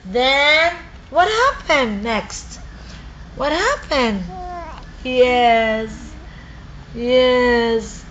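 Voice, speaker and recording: A woman's voice: fairly high pitch, lively intonation, drawn-out words, pauses often, a bit bright. A woman talking to a baby on a home video, coaxing with repeated questions. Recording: lo-fi home video with background noise.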